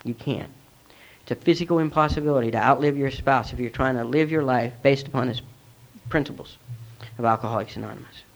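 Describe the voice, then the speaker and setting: A man's voice: mid-range voice, fairly quick, creaky. A middle-aged man giving a personal testimony at a recovery meeting, earnest and reflective as he tells his story. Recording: dull lo-fi recording.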